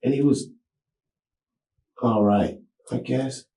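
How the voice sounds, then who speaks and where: A man's voice: mid-range voice, vocal fry, dark tone. Rambling man in an echoey room. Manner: rambling, halting, street slang. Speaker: interview subject. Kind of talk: police interrogation recording. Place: small interrogation room. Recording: echoey room, camera mic.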